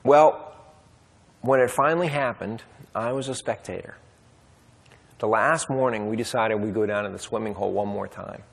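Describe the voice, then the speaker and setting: A man's voice: on the low side, fairly even intonation, normal speed, gravelly, pauses often. A man telling a personal story at a Bible study, casual and conversational with fillers and restarts. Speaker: speaker at a men's Bible study. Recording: long hall reverb.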